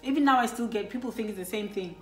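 A woman with a Lesotho accent hosting a calm, casual family chat, laughing easily and asking questions. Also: fairly high pitch, fast talker. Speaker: channel host and mother. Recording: roomy room with faint music.

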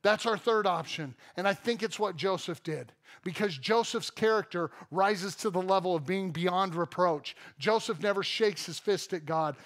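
A man's voice: high-pitched, moderate pace, few pauses. A man in his thirties, a pastor with a Midwestern American accent, preaching a conversational, joking sermon in a church auditorium. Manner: conversational, jokey preaching with sudden loud outbursts.

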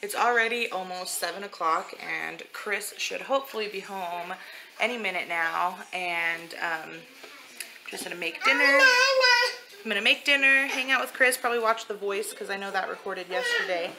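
A woman's voice: medium pitch, normal speed, heavy background noise. A woman in her twenties chatting casually in a family vlog. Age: 20s. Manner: chatty, animated talk to a toddler. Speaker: vlogger.

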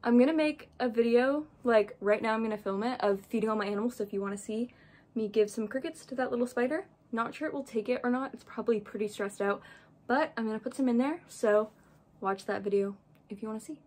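A woman's voice: a little high, fast, darkish tone. A young woman chatting casually in a vlog as she sets up a pet enclosure, apologetic and a little flustered. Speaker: reptile keeper vlogger.

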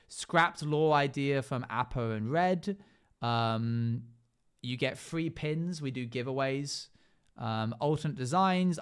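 A man's voice: on the high side, smooth. A male streamer chatting casually while playing a game, rattling off long lists with lots of "uh" and "um" fillers. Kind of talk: casual live-stream chat while gaming.

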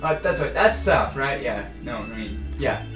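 A man's voice: medium pitch, expressive, a little slow, fairly bright tone. A man giving rambling, joking commentary over a video game, often correcting himself. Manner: rambling, self-correcting, apologetic jokes. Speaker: let's play commentator. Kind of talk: casual gameplay commentary. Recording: roomy, distant mic with game music.

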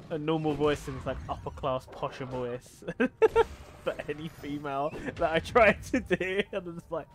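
A man streaming a video game, chatting casually with viewers, swearing freely and laughing often. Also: on the high side. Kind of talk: casual gaming stream chat.

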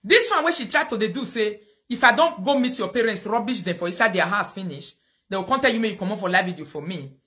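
A woman's voice: medium pitch, animated, quick pace, bright, forceful tone. Outspoken Nigerian woman hosting a live video. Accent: Nigerian Pidgin English. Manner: outspoken, dismissive.

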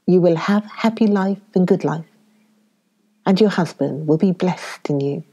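A woman reading the part of an elderly foreign male professor in an audiobook, speaking earnestly with halting, oddly worded phrasing. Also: fairly low pitch, warm tone, slightly rough, dull audio.

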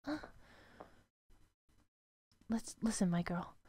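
A woman voicing a stern, secretive guardian who commands in a low, clipped voice and sometimes whispers. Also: animated, slow pace, warm tone, husky, no echo. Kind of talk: voicing game dialogue.

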